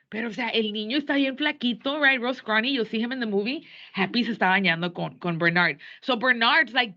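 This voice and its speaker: A woman teacher lecturing her class on a play in a classroom. She talks in an animated way and switches between English and Spanish. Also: medium pitch, fairly quick. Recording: dull lo-fi classroom recording.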